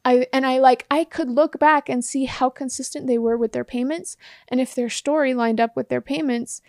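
A woman co-hosting a casual chat, telling an animated story, acting out the dialogue and often breaking into laughter. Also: high voice, moderate pace, no echo, studio quality. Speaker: podcast co-host.

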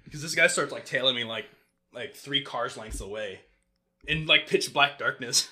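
A man's voice: medium pitch, normal speed. A young man casually telling a story on a podcast, swearing freely and acting out what everyone said. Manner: animated, swearing storyteller who acts out quotes. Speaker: podcast co-host.

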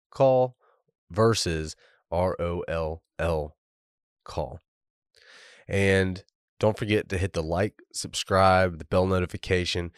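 A man hosts a podcast in an earnest, exhorting preaching style. His voice sits very low. The recording is dry and close, with no room sound. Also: no room sound. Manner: earnest and exhorting, spells out words. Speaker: podcast host.

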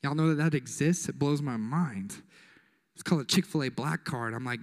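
A man's voice: medium pitch, normal speed. A young man preaching a casual, joking sermon as youth pastor, full of slang and asides. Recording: echoey hall.

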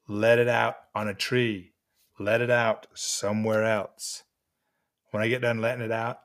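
An older man giving gentle, encouraging life lessons to mentees at an unhurried pace with pauses. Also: fairly low pitch. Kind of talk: motivational talk to mentees.

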